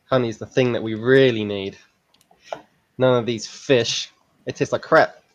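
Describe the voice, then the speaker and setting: A man's voice: medium pitch, steady tone, a little slow, no room sound, highs cut off, close to an everyday voice. A man voicing a grumbling male bear in a tabletop game who longs for the old days.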